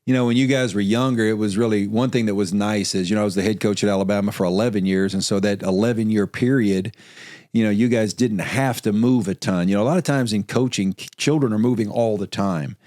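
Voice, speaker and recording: A man's voice: lowish voice, steady tone, fast talker, a little mellow, no room sound, clean studio sound. A middle-aged man, a basketball coach hosting a podcast, who talks in a chatty, storytelling way before leading into questions. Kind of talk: casual conversational interview.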